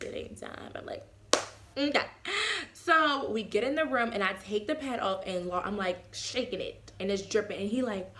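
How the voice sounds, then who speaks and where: A young woman vlogger telling a casual, animated story and acting out the quotes. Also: medium pitch. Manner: animated, acts out quotes with voice swings.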